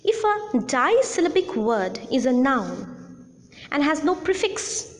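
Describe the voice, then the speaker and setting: A woman teaching English word stress in a recorded lesson, speaking deliberately and repeating each example word clearly. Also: high-pitched, big pitch swings, long reverb tail.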